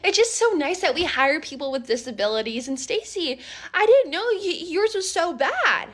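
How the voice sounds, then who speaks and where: A woman's voice: very high voice, slow, sharp tone, voice pushed up, exaggerated voice. A woman voicing a catty, mocking female coworker who taunts a colleague. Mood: taunting. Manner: sneering, taunting.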